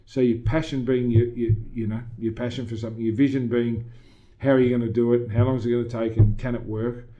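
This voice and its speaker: A middle-aged Australian gym owner talking as a guest in a casual interview, emphatic and motivational, often quoting himself. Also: male voice, mid-range voice, level tone, fast talker, dark tone, muffled recording.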